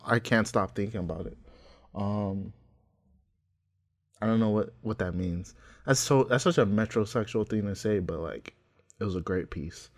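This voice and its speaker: Young male co-host, lowish pitch, lively slang-heavy storyteller, casual. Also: moderate pace, long pauses. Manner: animated, slangy storytelling with laughs. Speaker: podcast co-host. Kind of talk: casual chat.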